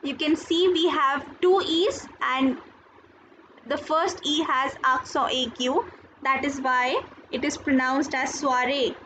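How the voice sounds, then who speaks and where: High-pitched lady teacher going slow through a lesson, repeats each word, kinda muffled lo-fi audio. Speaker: French teacher. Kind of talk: recorded school lesson. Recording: dull lo-fi sound, faint noise.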